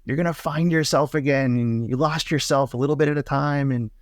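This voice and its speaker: A man's voice: mid-range voice, fairly even intonation, fairly quick, no room sound, studio quality, pitched above the performer's own voice, close to an everyday voice. A man putting on the voice of an overjoyed female shopkeeper, gushing and reassuring. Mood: elated encouragement.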